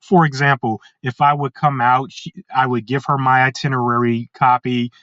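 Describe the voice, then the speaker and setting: A man's voice: medium pitch, level tone, moderate pace, a bit bright, dry recording, dull audio. A man from California, a podcast guest telling his story in a casual way. He fills his talk with "uh" and restarts, and slips into voices when he quotes people. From California, USA. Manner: frequent "uh" fillers and restarts, acts out quoted people.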